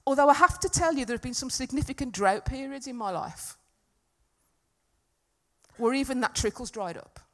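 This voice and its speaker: A woman delivering a sermon in a church hall, with a voice sitting a little high. She talks earnestly, rising to loud emphatic peaks and then sinking back to a soft, confiding tone. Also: expressive, moderate pace, pauses often. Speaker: preacher.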